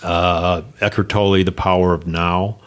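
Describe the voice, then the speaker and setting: A man's voice: low voice, flat delivery, measured pace, fairly bright tone, clean tone. A middle-aged man speaking as a podcast guest in casual chat, rambling and upbeat, often tagging lines with "right?" and "you know".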